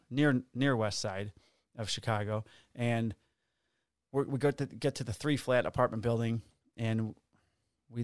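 A man's voice: fairly low pitch, no echo, studio quality. Profane man telling a cop story. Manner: profane, animated, acts out quotes. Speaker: police officer guest. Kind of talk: casual storytelling.

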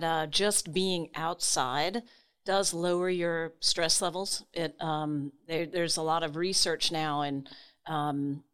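Woman, 40s, from South Louisiana, smooth low-ish voice, informative guest. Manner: informative, easygoing. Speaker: guest, tree organization director. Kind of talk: casual interview talk.

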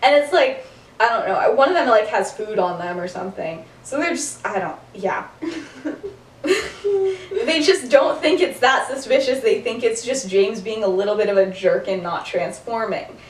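On a podcast, a young woman casually retells a story to her co-host, giggly and chatty and saying "like" a lot. Her voice is mid-range at a moderate pace, captured by a distant mic in a roomy space.

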